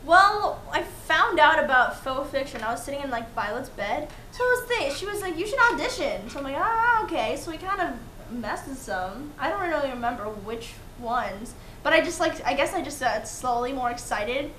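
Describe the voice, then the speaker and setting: A woman voice actor chatting casually, bubbly and excitable. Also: high-pitched, normal speed, few pauses, slight background noise. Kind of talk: casual cast Q&A chat. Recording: roomy echo.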